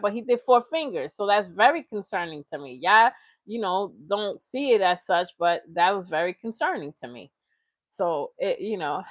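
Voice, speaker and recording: A woman's voice: mid-range voice, animated, moderate pace, no room sound. A young adult woman hosting a casual commentary channel, mocking and rambling playfully with made-up words. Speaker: reaction channel host.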